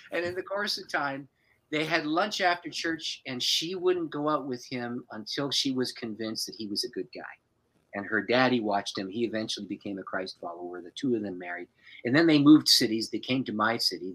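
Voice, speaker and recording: Animated husky-voiced pastor telling stories. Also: male voice, mid-range voice, poor audio. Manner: animated, laughing storyteller. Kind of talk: storytelling guest on a podcast.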